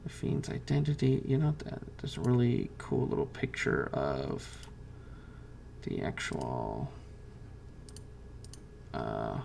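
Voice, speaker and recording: Slow gravelly-voiced game master, a man. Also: extremely low pitch, huge pitch swings, darkish tone, slight background noise. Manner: hesitant, many fillers and restarts. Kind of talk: narrating a tabletop game.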